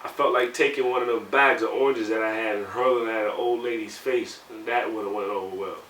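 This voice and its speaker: Thirties man, conversational, heats up telling stories; bright timbre, recorded in a roomy space. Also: on the low side, fairly even intonation, fairly quick. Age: 30s. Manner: conversational, heated when recounting, many "you know" fillers. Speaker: navy sailor interviewee. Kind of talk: candid personal storytelling. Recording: roomy sound, mic at a distance, faint background hum.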